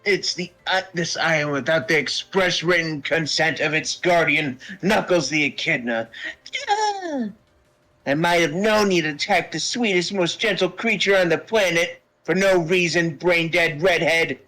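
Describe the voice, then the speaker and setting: A man reads as a brash echidna guardian who threatens intruders in a comic reading. The voice is high and very animated, the pace unhurried. Faint music sits behind. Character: hotheaded male echidna island guardian.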